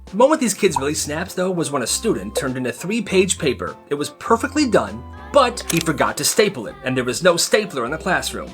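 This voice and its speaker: A man's voice: fairly high pitch, very animated, brisk, hardly any pauses, a bit bright, faint music behind. A young man narrating storytime tales in a wry, conversational way.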